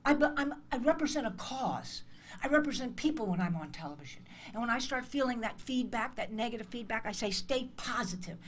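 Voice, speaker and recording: With a slightly high voice, lively intonation and a fairly quick pace, plus a little hiss or hum, an American woman in her sixties speaks to interns in a conference hall. Her motivational speech is passionate and emphatic, with acted-out dialogues.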